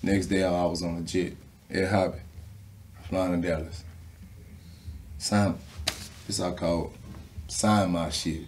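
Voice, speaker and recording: A man and former football player, a guest telling animated stories in a casual interview with lots of slang and swearing. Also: low-pitched, takes it slowly, long pauses, a little hiss or hum.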